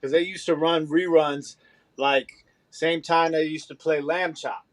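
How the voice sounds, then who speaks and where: A man co-hosting a casual group chat, talking in an excitable, rambling way. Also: on the high side, measured pace, poor audio. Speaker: co-host.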